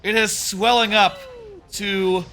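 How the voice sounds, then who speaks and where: A man's voice: high-pitched, flat delivery, slow pace, bright, forceful tone. A man in his thirties chatting casually on a live stream while he plays, rambling with many fillers and restarts. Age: 30s. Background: faint game music.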